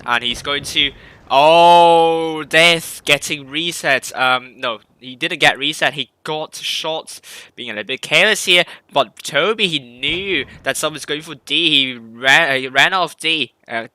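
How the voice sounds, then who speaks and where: A man's voice: a little high, bright, forceful tone, dry recording. A man casting a competitive online tank game live, talking through the play with rambling restarts and self-corrections. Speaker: esports caster.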